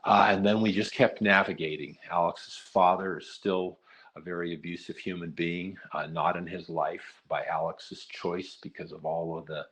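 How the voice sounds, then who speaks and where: A middle-aged man with a very low, deep voice gives an earnest talk as a nonprofit leader. He tells his story in a steady way and often drops in "uh" between phrases. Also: normal speed.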